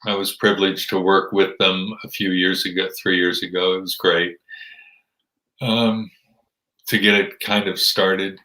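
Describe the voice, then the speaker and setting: Wry Midwestern American man, bright voice. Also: low-pitched, little pitch movement, measured pace, roomy sound, poor audio. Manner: dry joking, wry. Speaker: ministry representative guest. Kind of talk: casual interview chat.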